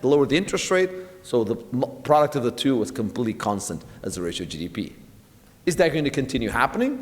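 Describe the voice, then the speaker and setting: A middle-aged man from Portugal delivers an academic keynote, asking the room rhetorical questions with a wry edge. His voice moves animatedly up and down. It rings with the long reverb of a lecture hall. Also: mid-range voice.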